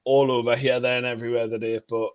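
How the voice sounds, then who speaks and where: A man's voice: medium pitch, level tone, quick pace, clear, resonant tone, phone-quality sound. A man hosting a podcast, wrapping up with rambling, jokey repeated thanks. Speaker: podcast host. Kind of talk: casual chat.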